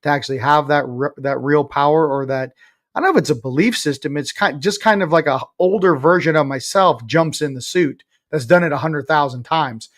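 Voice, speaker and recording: A man in his forties speaks as an interview guest with a voice pitched a little above most men. He talks bluntly and emphatically, drops casual swear words and pokes fun at himself with a sarcastic streak. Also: fairly quick, a bit bright. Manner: sarcastic, self-mocking. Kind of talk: casual spiritual interview talk.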